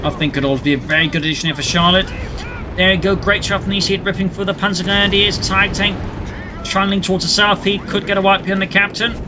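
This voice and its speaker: A man commenting a strategy game replay play by play, adding history asides. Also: high voice. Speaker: game caster. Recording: game sounds and engine noise behind the voice. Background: in-game battle sounds and vehicles.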